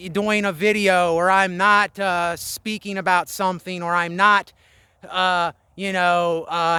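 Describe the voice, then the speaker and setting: A man's voice: high-pitched, bright, forceful tone, clear, resonant tone, no room sound. A tired, short-of-breath man walking uphill outdoors, giving an impassioned spiritual monologue in a preacherly cadence with repeated phrases. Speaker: Christian video blogger.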